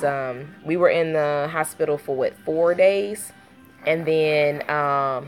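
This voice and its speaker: A young mother talks to her camera in a low voice. She rambles, circling back with fillers and restarts, earnest and emotional. It is a loose, casual vlog chat. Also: a bit bright. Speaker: vlogger and mother.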